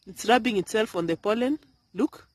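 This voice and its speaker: A woman filming her vegetable garden outdoors, talking softly in a half-whisper as she narrates. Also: fairly high pitch, normal speed, dry recording. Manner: soft, half-whispered, coaxing. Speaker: gardening vlogger.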